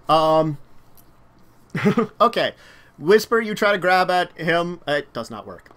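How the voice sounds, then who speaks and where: A man's voice: high-pitched, animated, takes it slowly, pauses often, pushed and bright, clear, resonant tone. Hesitant male game master. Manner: hesitant, many fillers and "kind of". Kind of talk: narrating a tabletop game. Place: home room, online stream.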